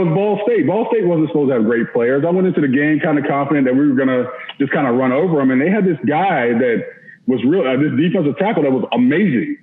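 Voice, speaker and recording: A man, a former college lineman, telling a self-deprecating story as a podcast guest. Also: fairly high pitch. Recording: roomy, slightly dull audio with faint noise.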